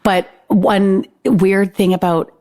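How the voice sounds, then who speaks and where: A woman's voice: medium pitch, fairly even intonation, takes it slowly, dark tone. A middle-aged Canadian woman with a Canadian accent, guesting on a podcast from home and telling stories in a chatty, self-deprecating way. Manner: chatty storyteller, self-deprecating, laughs often. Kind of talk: casual interview chat. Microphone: standing at a home microphone, remote.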